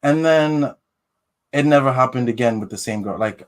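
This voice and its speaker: A man's voice: mid-range voice, moderate pace. A man as a podcast guest, talking in a hesitant, rambling way with many restarts. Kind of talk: casual chat.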